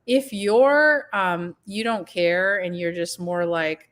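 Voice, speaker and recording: A woman's voice: lowish voice, takes it slowly, a bit bright. A woman co-hosting a podcast in casual chat, talkative and encouraging, laughing often. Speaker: podcast co-host.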